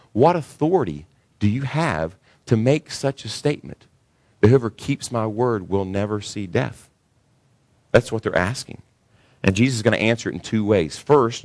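A pastor delivering a sermon in a lowish male voice that climbs sharply when he gets worked up. The sound is dry and close, with almost no room around it. He talks straight to the congregation, emphatic and questioning. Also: dry recording. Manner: animated preaching that rises high when voicing others.

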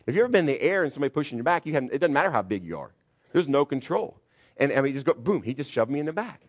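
A man's voice: medium pitch, sing-song, racing. Middle-aged man preaching a storytelling sermon. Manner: storytelling, swings from shouting re-enactment to quiet confession. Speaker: pastor.

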